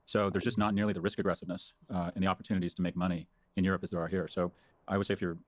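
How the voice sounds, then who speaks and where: A man's voice: low voice, flat delivery, rapid-fire, no room sound. A man from the United States talking as a guest in an interview, confident and blunt in his opinions. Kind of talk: conversational interview.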